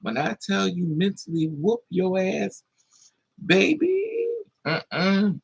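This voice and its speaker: Gravelly-voiced man telling an animated story. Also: measured pace, low-quality recording. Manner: animated, acts out voices with high-pitched squeals. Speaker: live streamer. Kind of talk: casual storytelling monologue.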